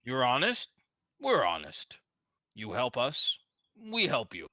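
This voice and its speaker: A man's voice: medium pitch, wildly swooping pitch, slow, sharp tone, no room sound, clean studio sound, heavily acted. A man voicing a large, hairy male orc boss who talks in blunt, clipped phrases. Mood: gruff. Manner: blunt clipped broken speech.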